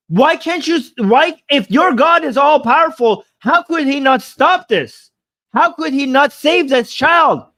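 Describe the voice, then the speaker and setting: A man's voice: very high voice, bright, forceful tone. Angry, indignant male host. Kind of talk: heated debate commentary.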